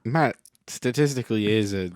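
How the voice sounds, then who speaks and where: A man co-hosting a podcast in casual chat, teasing his friend with crude jokes and quick interjections. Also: on the low side, darkish tone, no echo, clean studio sound. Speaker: podcast co-host.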